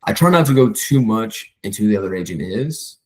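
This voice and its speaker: A man's voice: fairly low pitch, slightly rough, poor audio. A man, a real estate agent, casually coaching a colleague and acting out his calls with clients. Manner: fast, animated, acts out client calls in quoted voices.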